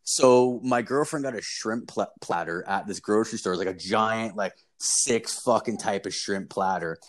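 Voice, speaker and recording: A man's voice: on the low side, normal speed. A young man telling a long story in casual chat, rambling and profane, with lots of fillers.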